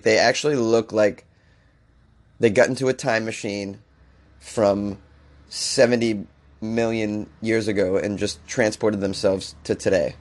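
A man hosting a comedic news podcast, under the weather, reading stories and ranting in exasperation. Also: on the low side. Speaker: podcast host.

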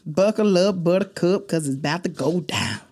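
A woman hosting a faith-based podcast, speaking in an emotional, expressive and preachy way. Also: lowish voice, normal speed. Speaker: podcast host.

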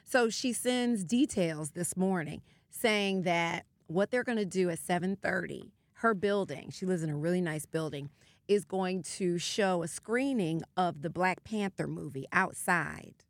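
A woman co-hosting a radio show, chatting casually and telling an animated story with frequent laughter. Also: fairly low pitch, a little slow, no echo. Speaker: radio co-host. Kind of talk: casual on-air chat.

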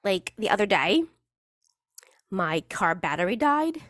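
A woman's voice: medium pitch, very animated, a little slow, a bit bright, no echo, studio quality. A woman hosting a casual solo podcast in a chatty, rambling, playful way, with the odd swear word. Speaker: podcast host.

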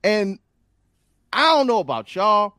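A man's voice: high-pitched, unhurried, no echo. Man, podcast host, emphatic jokes, dry close sound. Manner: animated, joking, emphatic. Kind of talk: casual podcast chat.

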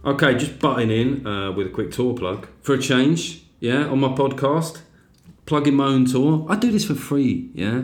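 Chatty self-mocking male podcast host. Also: mid-range voice. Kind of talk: casual podcast chat.

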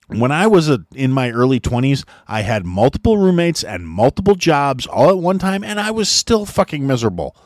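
A middle-aged podcast host, his voice a little high, rants in an angry, sarcastic, profane monologue, mocking others with whiny impressions. The studio-quality recording has no echo.

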